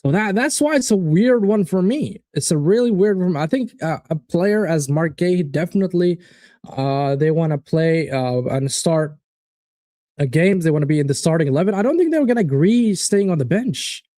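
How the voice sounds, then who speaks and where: Casual male stream host, animated and profane, warm dark tone, dry booth sound. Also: fairly high pitch, moderate pace, dry recording. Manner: animated, swearing, reads out chat predictions. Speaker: watchalong host. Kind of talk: casual live-stream football chat.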